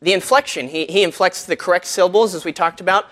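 Male lecturer, slightly high pitch, chatty classroom delivery with fillers and questions to the room. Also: fast, fairly bright tone. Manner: conversational, asks the audience questions, many fillers. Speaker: church music teacher. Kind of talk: lecture to a group.

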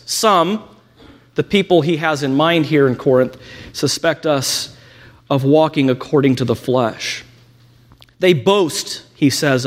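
A man teaching a lecture on scripture, reading quotations aloud and adding ironic asides. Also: on the high side. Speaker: Bible teacher.

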